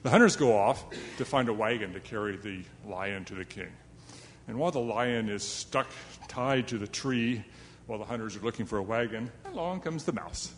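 A man's voice: on the low side, animated, normal speed, in a large hall, slight background noise. A man telling a fable to a young live audience in a chatty, self-deprecating way, with asides to his listeners. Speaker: storyteller.

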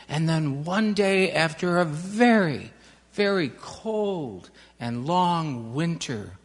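50s guy telling a story real slow, slightly high voice, lots of hall reverb. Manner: slow, gentle storytelling with drawn-out emphasis. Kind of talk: told story for listeners.

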